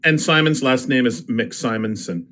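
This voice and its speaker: A man's voice: medium pitch, lively intonation, normal speed, a bit bright. A man playing a tabletop game, playful and boastful, talking in and out of character. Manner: playful, boastful, many fillers. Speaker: player.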